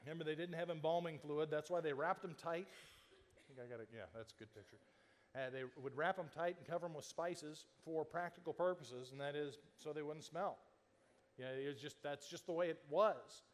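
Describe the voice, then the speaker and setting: A man's voice: fairly high pitch, fairly quick, big-room sound. A man preaching a sermon as a pastor, telling the story conversationally and acting out the quoted lines, with frequent restarts.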